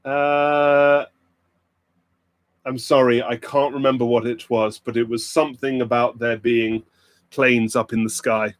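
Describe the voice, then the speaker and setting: A man's voice: mid-range voice, level tone, measured pace. A man hosting a livestreamed pub quiz in casual chat, rambling with many fillers and breaking into sudden upbeat bursts, into a computer mic.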